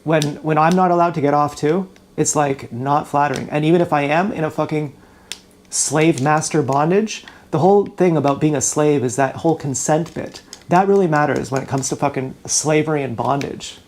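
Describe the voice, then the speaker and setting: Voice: medium pitch, normal speed, a little mellow, slight background noise. A YouTuber venting in an emotional vlog, agitated, profane and rambling, fired up and upset, talking into a GoPro camera while streaming live indoors.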